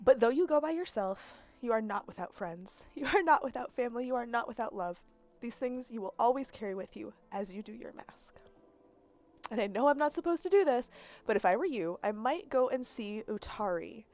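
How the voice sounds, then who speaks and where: Woman streamer voicing a gentle older guardian woman; soft, earnest game read-aloud. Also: a little high, lively intonation, a little fast. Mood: tender farewell.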